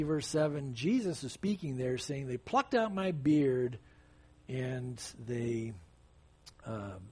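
Husky-voiced, fervent preacher man. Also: mid-range voice, darkish tone. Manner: emphatic, conversational preaching with sudden bursts of intensity. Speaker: pastor. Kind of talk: expository sermon.

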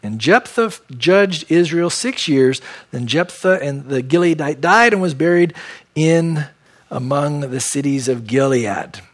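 A man's voice: fairly high pitch, expressive, unhurried. A man from San Diego teaching verse by verse through a Bible passage as pastor, with conversational, folksy asides.

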